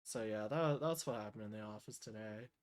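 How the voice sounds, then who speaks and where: A man's voice: on the low side, a little fast. A young man streaming live, telling a work story in a loose, rambling way with lots of fillers. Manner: rambling, laid-back storytelling with many fillers. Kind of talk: casual livestream chat.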